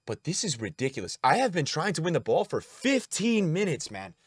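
A young man commentating his own football video game on a stream, with a sore throat, grumbling low and then bursting out loud and swearing. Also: brisk, husky, no room sound, clean studio sound. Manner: swings from flat grumbling to loud outbursts, swears a lot. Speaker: gaming streamer. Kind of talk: live gameplay commentary.

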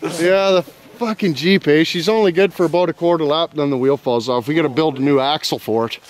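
A man's voice: fairly high pitch, brisk. A man filming his buddies outdoors on a handheld camera, swearing, laughing and cheering them on in rowdy casual commentary. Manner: profane, laughing, excitable, calls everyone "boys". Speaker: vlogger filming friends.

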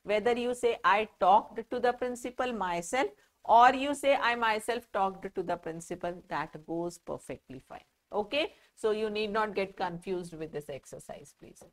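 A woman's voice: mid-range voice, normal speed. A woman teaching an English grammar lesson to children, speaking with an Indian English accent and explaining patiently with questions to the class. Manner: explains patiently, asks the children questions and answers them herself.

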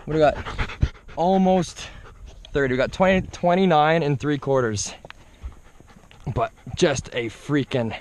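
A man's voice: fairly high pitch, measured pace, pauses often, slight background noise. A young man filming himself as he fishes from a boat on a lake, talking through each catch and chatting to his dog. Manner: talks to his dog while fighting fish. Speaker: fishing vlogger. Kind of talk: excited outdoor fishing commentary. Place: fishing boat on a lake, outdoors.

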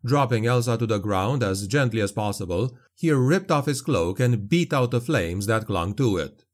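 A man narrating a dark fantasy audiobook in a steady, dramatic storytelling manner. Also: lowish voice, normal speed.

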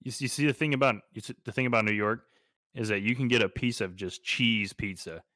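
A man's voice: fairly low pitch, fast talker, sharp tone, dry recording, clean studio sound. A young man from Texas co-hosting a casual podcast, easygoing and jokey. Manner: easygoing, jokey, laughs often. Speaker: podcast co-host. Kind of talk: casual chat.

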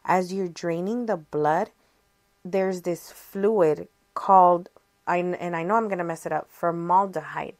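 A woman's voice: on the low side, measured pace. Chatty young woman telling a story. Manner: chatty, animated, acts out quoted dialogue. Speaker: podcast host. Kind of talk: casual storytelling.

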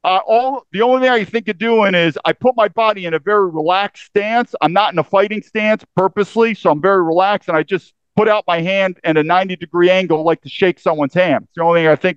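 Intense high-voiced veteran man. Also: smooth, no room sound, lo-fi sound. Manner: intense, emphatic, self-interrupting. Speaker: military veteran telling his story. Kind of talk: first-person storytelling.

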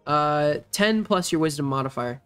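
A male game master narrates a tabletop role-play session in a fairly high voice. His delivery is relaxed and halting, with soft music playing under him. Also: clean tone. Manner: relaxed, hesitant narration with many fillers.

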